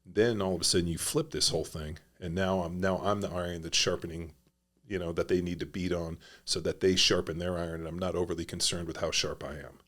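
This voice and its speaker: Middle-aged male guest with a very low voice, rambling, filler-heavy and profane. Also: steady tone, fairly quick, a bit bright. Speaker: podcast guest, former pro football player. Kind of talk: casual conversational storytelling.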